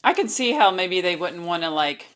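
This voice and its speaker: A woman in casual podcast conversation, making dry, wry remarks. Her voice sits somewhat low for a woman, and her delivery is relaxed and conversational. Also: moderate pace. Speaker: podcast co-host. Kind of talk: casual chat.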